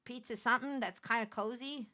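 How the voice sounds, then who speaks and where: A woman with a New York accent, chatting casually with her stream viewers, animated and quick to laugh. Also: fairly high pitch. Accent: New York City. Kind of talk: casual live-stream chat while picking a game.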